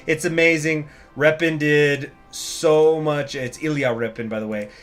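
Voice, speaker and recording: A man's voice: a little high, fairly even intonation, a little slow, a bit bright, soft background music. A man hosting a strategy game video, chatting casually with jokes and fillers and reading event text aloud. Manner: casual, rambling, joking, with many fillers. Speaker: gaming channel host.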